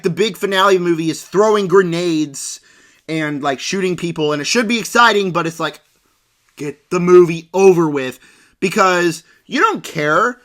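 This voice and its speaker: Male reviewer, lively swooping pitch, sarcastic and over the top. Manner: sarcastic, exaggerated. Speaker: movie reviewer. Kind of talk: casual movie review rant.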